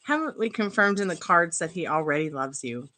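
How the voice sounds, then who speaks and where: A woman's voice: fairly low pitch, expressive, fairly quick, bright, forceful tone, low-quality recording. A woman giving a live-stream tarot reading, chatty and rambling and laughing often. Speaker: tarot reader. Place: at home.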